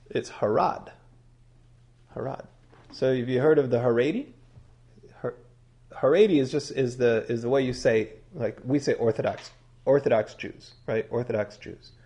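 A man teaching in a conversational sermon style, digressive, and pausing to quiz his listeners. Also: mid-range voice, mellow, husky.

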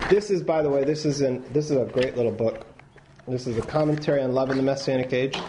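A man teaching a class, telling stories in a loose, animated way with many restarts and reading passages aloud. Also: mid-range voice, quick pace, background noise. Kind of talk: lecture with read-aloud passages.

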